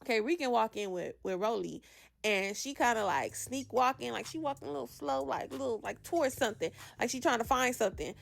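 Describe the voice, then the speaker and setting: A woman's voice: a little high, brisk, creaky. A woman hosting a casual reality TV recap, talking sassy and slangy with dramatic asides. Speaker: reality show recap host.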